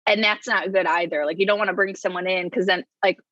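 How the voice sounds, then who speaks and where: A woman's voice: lowish voice, steady tone, fast talker, fairly bright tone, dry recording, dull audio. A woman in a casual business chat, explaining her work in a chatty way, laughing often. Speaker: business integrator, co-host.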